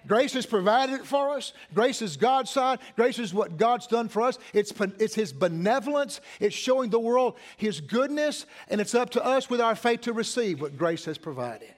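Man, pastor preaching, high-pitched voice, repeats himself, questions to the congregation. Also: animated, moderate pace, few pauses. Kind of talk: sermon.

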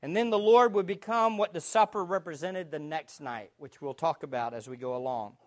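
A woman's voice: sits low, normal speed. A woman preaching a sermon, teaching from the Bible in an earnest, emphatic way and asking rhetorical questions.

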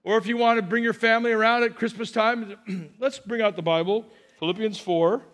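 Brief: high-pitched male pastor, chatty sermon delivery, rhetorical questions to the congregation. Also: steady tone, brisk, fairly bright tone. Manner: conversational preaching with rhetorical questions. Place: church sanctuary.

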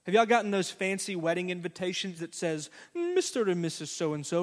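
A man preaching to his congregation in a high, bright voice. He is folksy and conversational, slipping into animated little quotes. The sound rings with the long tail of a big hall. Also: a little fast. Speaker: pastor. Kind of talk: sermon.

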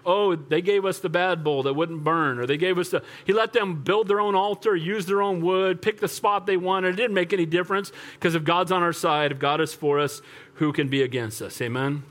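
Animated high-voiced older preacher. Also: male voice, a little fast. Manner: animated, rhetorical, calls for amens. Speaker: pastor. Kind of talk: sermon.

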